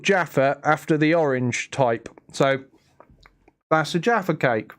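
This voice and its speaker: A man's voice: fairly high pitch, slow pace, fairly bright tone. A young man chatting casually on a live stream, rambling and answering his chat. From England.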